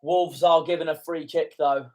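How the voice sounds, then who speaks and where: A young man calls a football match live in a fan reaction commentary, his voice sitting a touch higher than most men's. He grows indignant and swears at calls he thinks are wrong. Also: fairly even intonation, moderate pace, a little mellow.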